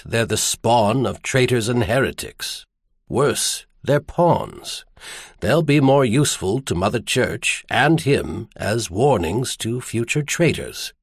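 A man voicing a grave middle-aged earl in an audiobook, speaking gently, measured and somber. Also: mid-range voice, expressive, vocal fry, breathy edge, no echo, clean studio sound, heavily acted. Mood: gentle. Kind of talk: audiobook character voice.

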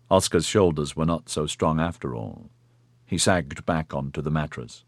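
Deep-voiced male audiobook narrator. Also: moderate pace, a little mellow, no echo, studio quality. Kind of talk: scripted narration.

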